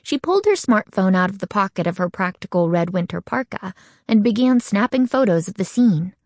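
A woman narrating an audiobook in first person, lively and expressive, shifting her voice for each character. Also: mid-range voice, fairly quick, dry recording, clean studio sound.

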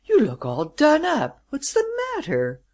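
Read by an audiobook narrator, a calm senior lawyer lays out the facts in a deliberate, measured way. He is steady and authoritative. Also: medium pitch, natural voice. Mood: surprised. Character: composed senior male lawyer. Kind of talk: audiobook character reading.

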